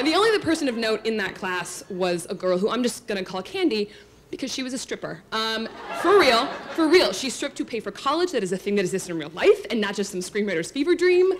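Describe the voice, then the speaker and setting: A woman's voice: mid-range voice, noisy background. A woman telling a true story on stage to an audience, chatty and self-mocking, full of likes and asides to the crowd.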